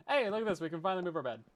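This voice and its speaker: A man with a slightly higher-than-usual voice chats his way through a gaming stream. He rambles through jokey, self-deprecating asides to his viewers and laughs a lot. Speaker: Minecraft streamer. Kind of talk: casual let's-play chat with viewers.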